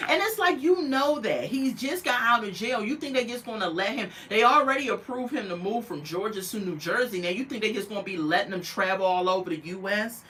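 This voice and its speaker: A sassy woman talks through a reality show episode in a casual, chatty way. Her voice is bright and forceful, and she keeps switching into mocking voices to play each person she quotes. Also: on the high side, lively intonation, brisk, hardly any pauses, a little hiss or hum. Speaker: reality TV recap host. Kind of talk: casual recap commentary.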